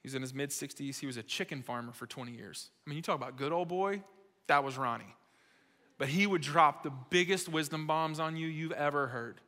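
A man preaches to a room of young adults, stacking repeated phrases with urgency before he drops to a hushed, intimate hush. His voice sits a little high and bright, with a pushing edge. A large church hall trails long echoes behind every word. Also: fairly quick. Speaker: pastor speaking to young adults. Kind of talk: sermon. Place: church auditorium.

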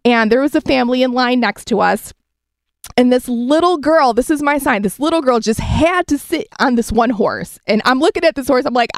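A woman's voice: fairly high pitch, animated, fairly quick, no echo, clean studio sound. A woman co-hosting a morning radio show, chatty and emotional as she shares an inspirational story. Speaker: radio co-host.

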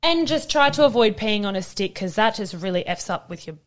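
A young woman with an Australian accent talks in a lively, unfiltered way. She swears freely and throws herself into acting out the people in her stories. Her pitch sits in the middle for a woman. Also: a little fast. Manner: animated storytelling, swears freely, acts out quotes. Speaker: podcast co-host. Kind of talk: casual chat.

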